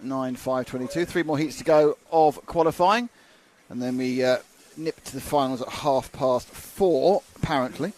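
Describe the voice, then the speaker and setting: A man's voice: mid-range voice, normal speed, few pauses, darkish tone. Chatty male race commentator. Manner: chatty, joking asides between results. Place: commentary box at a racing circuit.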